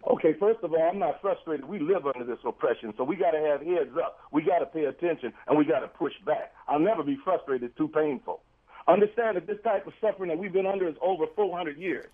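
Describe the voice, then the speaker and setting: A man with a high voice argues in a rapid, insistent stream, circling back to the same phrases. He is heard through a narrow, tinny phone line on a radio call-in. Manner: insistent, forceful, repeats key phrases. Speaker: civil rights activist, radio guest. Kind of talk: heated on-air debate.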